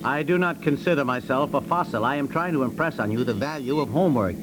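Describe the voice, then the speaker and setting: An actor playing a fussy, easily flustered middle-aged husband in a 1950s radio comedy, sputtering and indignant. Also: male voice, medium pitch, quick pace, background noise, natural voice.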